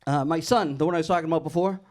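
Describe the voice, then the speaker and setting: A man performing stand-up in a comedy club, his voice sitting a little high for a man. He carries a long anecdote and plays every character in it himself, switching voices between lines. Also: racing, darkish tone. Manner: storytelling, acts out dialogue with shifting voices.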